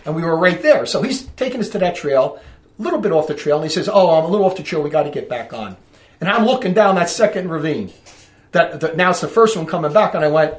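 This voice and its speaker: A man's voice: fairly high pitch, fast, echoey room. A man with a New Jersey accent telling a hiking story in a casual way. He breaks off mid-sentence and acts out the dialogue. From Newark, New Jersey. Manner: animated, self-interrupting, acts out dialogue. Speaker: storyteller recounting a hike.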